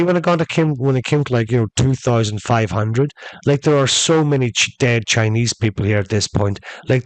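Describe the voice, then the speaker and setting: A man's voice: mid-range voice, no room sound, rough recording. A man hosting a podcast, telling a long story in a rambling, chatty way and calling his listeners folks. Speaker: podcast host. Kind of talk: casual storytelling monologue.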